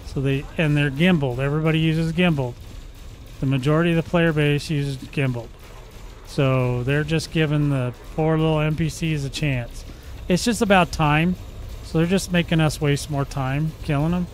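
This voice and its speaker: A man on the high side speaks at normal speed with fairly even intonation, slight background noise audible. Hosting a gaming channel, he plays while cracking jokes in live commentary and making gunfire noises with his mouth.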